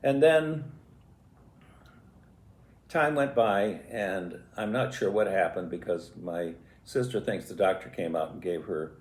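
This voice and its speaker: A man in his eighties telling stories from his life in a halting, reflective and emotional way. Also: deep voice. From US Midwest. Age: 80s. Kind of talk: personal storytelling. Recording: echoey room.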